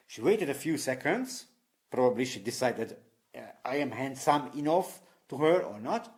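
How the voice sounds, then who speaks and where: A man from Eastern Europe telling candid personal stories in loose, non-native English, often laughing at himself. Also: medium pitch. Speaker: vlogger. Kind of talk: personal storytelling to camera.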